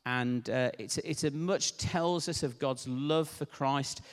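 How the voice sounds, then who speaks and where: A man giving a sermon in an earnest, unscripted way, pausing with fillers and restarting phrases. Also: medium pitch. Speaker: preacher. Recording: long hall reverb.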